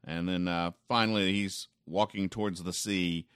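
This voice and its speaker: A man hosting a podcast where he reads comic strips aloud and comments on them, with deadpan, wry asides and frequent ums. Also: low voice, moderate pace, clean tone, no echo, studio quality. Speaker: podcast host.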